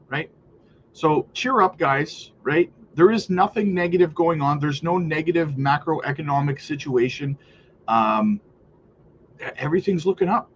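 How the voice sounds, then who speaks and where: A man's voice: a little high, muffled recording, a little hiss or hum. A man hosting a casual livestream, chatty and upbeat, reading chat and often tagging his lines with "right?" and "guys". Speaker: crypto livestream host. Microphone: streaming setup mic.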